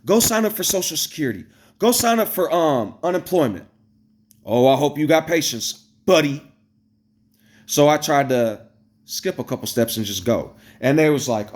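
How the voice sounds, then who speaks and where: Male vlogger, mid pitch, blunt and profane, animated rant delivered to camera. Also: normal speed. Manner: blunt and profane, addresses viewers directly; animated, jumps between high exclamations and low asides. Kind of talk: casual ranting storytelling to camera.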